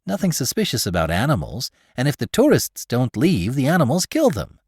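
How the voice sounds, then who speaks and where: A man plays a slight, nervous space photographer in a dry, close audiobook reading. His jittery, excitable lines jump all over in pitch, quick to alarm and quick to cheer. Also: husky, no echo, exaggerated voice. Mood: earnest.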